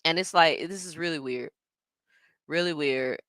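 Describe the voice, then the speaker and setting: A woman's voice: deep voice, normal speed, fairly bright tone, no echo, studio quality. A woman hosting a watch party stream, reacting in casual commentary and talking straight to her viewers with laughs and asides.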